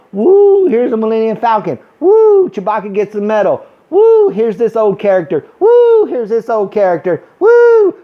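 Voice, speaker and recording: A man voicing a smug male movie-studio huckster who talks down to fans and whoops shrill cheers. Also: clean tone, phone-quality sound, close to an everyday voice.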